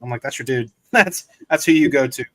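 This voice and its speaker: Laughing, animated casual man. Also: medium pitch, fairly quick. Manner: laughing often, peppers talk with 'dude' and 'like'. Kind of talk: casual chat.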